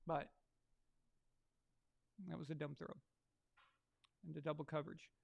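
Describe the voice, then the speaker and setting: A man's voice: a little high, flat delivery, measured pace, gravelly, dull audio, slight background noise. A man hosting a live sports stream, ranting crudely and mockingly while he watches a game. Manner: mocking, sarcastic asides. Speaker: sports livestream host.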